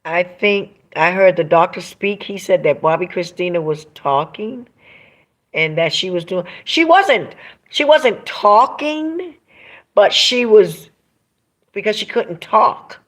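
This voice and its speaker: A woman's voice: lowish voice, a little slow. A woman hosting a livestream, reading viewer comments aloud and talking in an emphatic, preachy way that repeats phrases for emphasis. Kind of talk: emotional livestream monologue.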